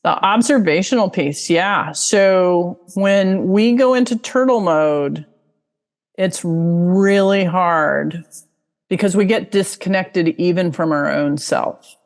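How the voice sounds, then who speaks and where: A woman's voice: fairly low pitch, takes it slowly, big-room sound. A woman giving a casual online talk as a guest expert, chatty and full of fillers, now and then acting out inner voices. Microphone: video call mic.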